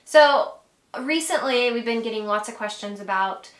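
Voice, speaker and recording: A woman's voice: on the high side, moderate pace, roomy sound. A woman co-hosting an outdoor gear channel, chatting in an upbeat, encouraging way. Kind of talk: casual chat.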